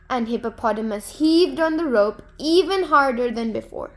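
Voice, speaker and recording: A woman narrating a folktale to children in a gentle, expressive storybook manner. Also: sits high, normal speed, hardly any pauses.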